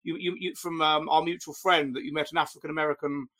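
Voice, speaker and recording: A man interviewing a guest, asking halting questions and often repeating himself as he restarts. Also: fairly high pitch, little pitch movement, sharp tone.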